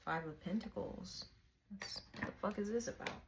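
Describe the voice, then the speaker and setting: A woman's voice: medium pitch, moderate pace. Slangy woman reading tarot, noisy. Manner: frank, slangy, laughs often. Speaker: tarot reader.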